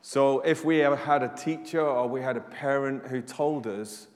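Pastor preaching in an echoing church. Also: male voice, mid-range voice, normal speed. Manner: animated preacher, rising to loud emphasis on questions. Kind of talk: sermon. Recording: live church recording with long hall reverb.

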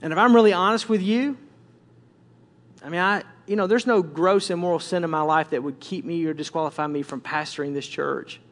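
A man's voice: a little high, a little fast. A male pastor preaching a candid, conversational sermon with frequent restarts.

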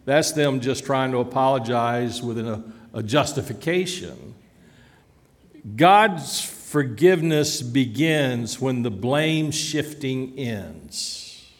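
A man's voice: mid-range voice, animated, takes it slowly, big-room sound. A man preaching a sermon as pastor, earnest and rising to emphatic declarations.

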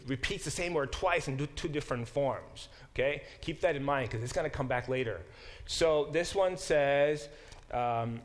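A middle-aged man giving a lecture to a class as its professor, explaining with frequent fillers and restarts. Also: medium pitch. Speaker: professor teaching a Bible class.

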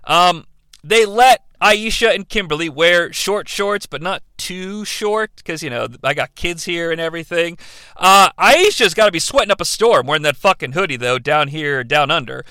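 A man's voice: fairly high pitch, expressive, normal speed, bright, forceful tone, clear, resonant tone, no room sound. A man hosting a comedic movie review, sarcastic, profane and mocking. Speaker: host.

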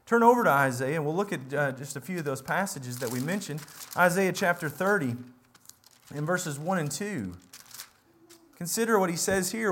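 A man's voice: on the high side, animated, normal speed, fairly bright tone. A man preaching a sermon, reading scripture passages and explaining them, at times voicing the speakers in the text. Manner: reads scripture aloud and explains it, voicing God and the people in quotes.

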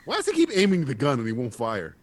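A man's voice: medium pitch, wildly swooping pitch, fast, dry recording. Guy cracking jokes over a movie, voice jumps all over, laughs a lot. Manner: joking, laughs often, quotes films. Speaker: movie commentator. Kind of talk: casual movie riffing.

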